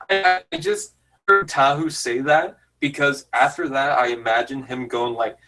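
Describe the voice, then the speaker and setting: A man's voice: medium pitch, expressive, unhurried, pushed and bright, soft background music, low-quality recording. A man giving casual, jokey commentary over a fan film, rambling and self-deprecating. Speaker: YouTube commentator.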